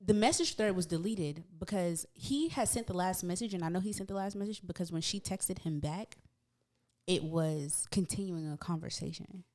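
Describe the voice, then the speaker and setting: A young woman, a podcast guest, telling a story in casual chat with lively emphasis. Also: lowish voice, moderate pace.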